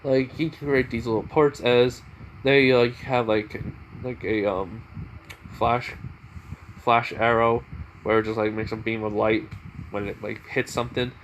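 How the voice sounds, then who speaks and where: A man's voice: medium pitch, fairly even intonation, a little slow, a little hiss or hum, rough recording. Rambling young man telling a fan story. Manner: rambling, heavy on fillers and self-corrections. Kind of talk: unscripted fan story retelling.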